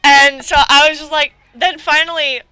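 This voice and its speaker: Young woman, high voice, very bright tone, casual chat, rambling, swears, lots of "like". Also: fairly even intonation, normal speed, dry recording, faint music behind, low-quality recording. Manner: rambling storytelling full of "like", swearing, quoting others. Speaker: co-host.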